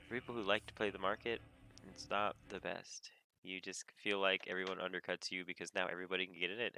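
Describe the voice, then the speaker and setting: A man giving a casual, rambling rant about video games on a desk mic, animated and often laughing. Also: low-pitched, gravelly. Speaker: gamer vlogger. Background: faint game music.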